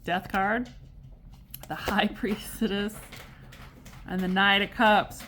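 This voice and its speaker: A woman's voice: mid-range voice, steady tone, slow, long pauses, a bit bright, a little hiss or hum. Chatty, rambling woman tarot reader. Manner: exasperated and amused. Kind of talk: casual tarot reading to camera.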